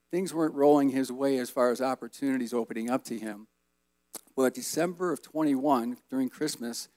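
Man in his fifties, guest speaker at church, rambling folksy storyteller, ordinary pitch. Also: no room sound. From Colorado, USA. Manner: relaxed, folksy, rambling with fillers. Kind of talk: personal testimony storytelling. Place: church service.

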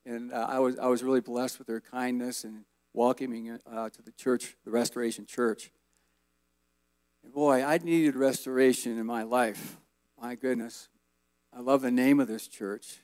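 A man in his fifties giving a relaxed, rambling personal testimony as guest speaker at a church service. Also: medium pitch, moderate pace, no room sound. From Colorado, USA. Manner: relaxed, folksy, rambling with fillers.

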